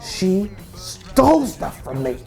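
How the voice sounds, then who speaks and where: A woman's voice: fairly low pitch, sing-song, normal speed, dark tone, soft background music, voice pushed up. A man voicing a pushy, suspicious older woman who accuses others. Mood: accusing. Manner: accusing, insistent.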